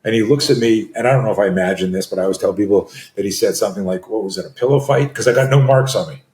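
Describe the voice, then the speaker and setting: Here the Canadian self-defense coach, a guest in his sixties, talks very fast in a fairly low, slightly mellow voice. He tells stories conversationally, bursting into screams and gasps to act out what happened, all in a roomy, echoing space.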